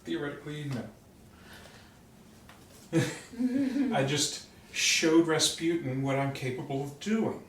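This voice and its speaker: A man playing in a tabletop game, explaining his character's move in a relaxed, amused way. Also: on the high side, takes it slowly, pauses often, far from the mic. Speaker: player. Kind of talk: casual chat at a game table. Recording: roomy sound from off-mic, faint hiss.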